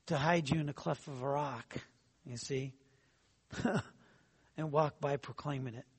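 A man's voice: on the high side, husky. A man preaching a sermon in a conversational way, often checking in with the congregation, his volume rising and dropping. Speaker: pastor.

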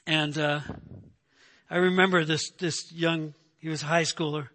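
A man's voice: on the high side, little pitch movement, measured pace, pushed and bright. A man preaching a sermon, emphatic and repeating "right?" to his listeners. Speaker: pastor.

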